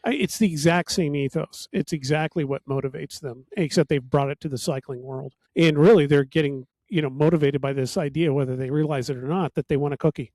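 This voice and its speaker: A man's voice: on the high side, brisk, hardly any pauses, darkish tone, dry recording. A man hosting a casual podcast chat, telling stories in a wry, sardonic way. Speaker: podcast host.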